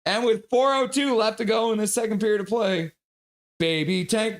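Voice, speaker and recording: A man's voice: sits high, fairly even intonation, moderate pace. A man hosting a live stream, calling hockey play-by-play in a casual, chatty way and joking with chat between calls.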